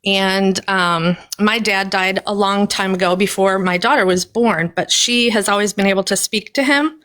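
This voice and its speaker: A woman who is a mother, calling into a live stream and talking emotionally and softly. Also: mid-range voice. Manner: emotional, soft-spoken. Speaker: caller, a mother. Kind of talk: casual live-stream call.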